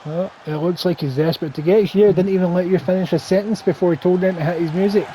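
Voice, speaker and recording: A man's voice: high-pitched, steady tone, fast, warm tone, a little hiss or hum, rough recording. A man doing play-by-play commentary over a wrestling video game, with wry, teasing banter.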